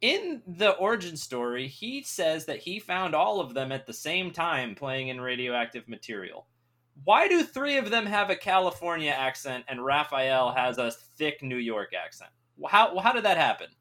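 A man's voice: fairly high pitch, very animated, normal speed, bright, forceful tone. A man co-hosting a casual movie review podcast, exasperated and mocking, often laughing. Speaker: podcast co-host.

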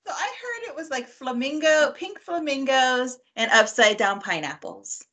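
A woman's voice: high-pitched, animated, moderate pace, sharp tone. A middle-aged woman co-hosting a podcast in casual chat, ranting in mock indignation and laughing often. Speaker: podcast co-host.

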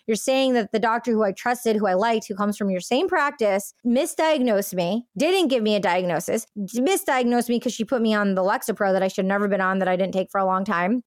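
A young woman with a fairly high voice tells a personal story in a loose, chatty monologue. She leans on "like" fillers and acts out what others said. The sound is dry and close to the mic. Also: no room sound. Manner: animated, frequent "like" fillers, acts out quoted dialogue. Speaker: podcast host.

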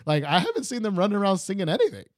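Young Texan male podcast host, rambling and self-deprecating, slightly high, very animated. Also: rapid-fire, dry recording, studio quality. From Texas. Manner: rambling, many restarts and fillers, laughs at himself. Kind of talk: casual chat.

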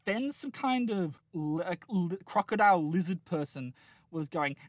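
A man's voice: sits high, lively intonation, a little slow, dry recording, studio quality. A man in his late twenties chatting casually, telling a long rambling dream with lots of laughter and restarts. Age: late 20s. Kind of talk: casual chat, dream storytelling.

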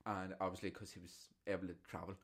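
A man's voice: low-pitched, fast talker. Swearing man telling stories. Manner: animated, profane storytelling. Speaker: podcast host. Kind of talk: casual chat.

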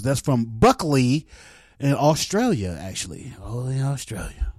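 A man's voice: mid-range voice, very animated, unhurried, a little mellow, no echo, clean studio sound. A man hosting a comedy show, chatting casually with lots of laughter and loose, profane banter.

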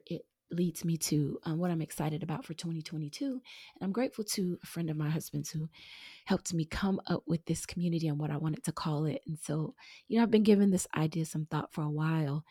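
A middle-aged woman hosting her own show, talking earnestly and warmly to listeners she calls y'all, sometimes dropping to a breathy near-whisper. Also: low-pitched, no echo, studio quality. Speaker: podcast host. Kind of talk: heartfelt casual monologue.

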